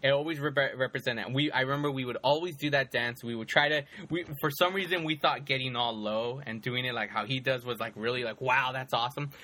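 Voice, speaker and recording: A man hosting a casual chat about movies, telling scenes in an animated way with lots of fillers and frequent laughter. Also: mid-range voice, fast talker, few pauses. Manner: animated storytelling, many fillers, laughs often.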